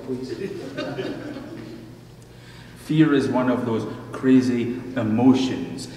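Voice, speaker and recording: A male pastor reading scripture and preaching a sermon in a measured storytelling manner, recorded from afar in a church sanctuary. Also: mid-range voice, darkish tone, a little hiss or hum. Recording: echoey church hall from far off.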